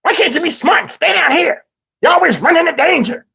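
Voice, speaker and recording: A man's voice: very high voice, expressive, quick pace, gravelly, sharp tone, voice pushed up, heavily acted. A man voicing his cowardly uncle, nagging a child to stay put. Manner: whiny, nagging. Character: cowardly whiny adult uncle.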